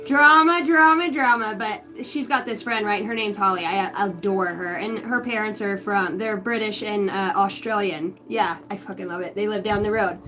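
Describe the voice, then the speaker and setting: A woman's voice: mid-range voice, steady tone, moderate pace, hardly any pauses, a bit bright, soft background music, poor audio. A middle-aged woman from the United States giving a live tarot reading at home, chatty and blunt, swearing freely. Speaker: tarot reader. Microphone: livestream device.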